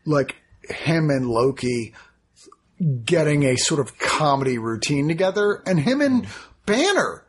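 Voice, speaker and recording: A man chatting casually about films, enthusiastic and animated. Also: a little high, measured pace, husky. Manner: enthusiastic, animated, quotes people in put-on voices. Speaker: podcast co-host reviewing films. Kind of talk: casual chat.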